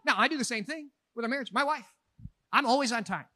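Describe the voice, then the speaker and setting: A man from Minnesota, a pastor, preaching a sermon with animated, joking delivery that swings from quiet asides to shouts. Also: extremely high pitch, quick pace, no room sound.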